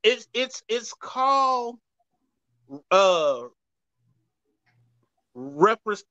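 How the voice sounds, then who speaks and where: A man's voice: sits high, very animated, very slow, bright, forceful tone, clean tone, no echo, dull audio. A man co-hosting a casual panel chat, talking emphatically and repeatedly addressing the men listening. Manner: emphatic, repeats "I'ma tell you right now", addresses the fellas. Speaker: podcast co-host.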